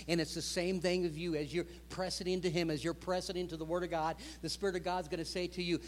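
A man in his fifties preaching a sermon, building to loud, impassioned stretches and acting out quoted prayers. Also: high voice, flat delivery, quick pace, few pauses, big-room sound. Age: 50s. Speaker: pastor.

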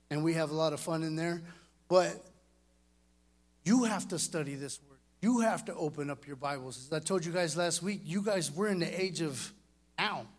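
Earnest, fairly high-voiced male preacher. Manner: earnest and animated, speaking directly to the kids. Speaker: youth preacher. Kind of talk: sermon to young people.

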